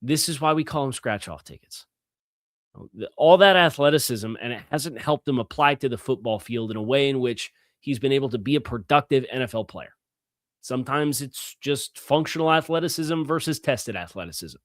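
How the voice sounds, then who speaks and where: A man's voice: mid-range voice, lively intonation, normal speed, no room sound, clean studio sound. A man hosting a sports podcast, talking through player stats in a loose, conversational way and also reading ads. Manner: conversational, fillers and restarts, stresses key words. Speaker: podcast host. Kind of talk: sports analysis podcast with host-read ads.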